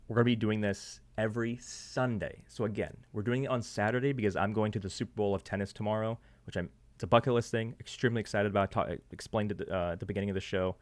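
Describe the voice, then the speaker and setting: A man hosting a sports betting live stream in casual chat, loose and promotional with lots of fillers, his voice getting worn. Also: lowish voice. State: losing his voice.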